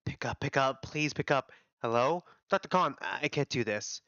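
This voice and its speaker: A man's voice: mid-range voice, lively intonation, moderate pace, bright, forceful tone, smooth, no echo, voice pushed down. A man voicing a panicked young man who pleads over the phone for someone to save him, with a dull, lo-fi sound. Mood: frantic pleading. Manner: frantic, pleading.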